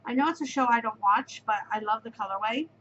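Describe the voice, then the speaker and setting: A woman's voice: on the high side, fast, bright, forceful tone, highs cut off, slight background noise. A middle-aged woman hosting a knitting podcast, gushing effusively over yarn in casual show-and-tell chat and repeating her words of praise.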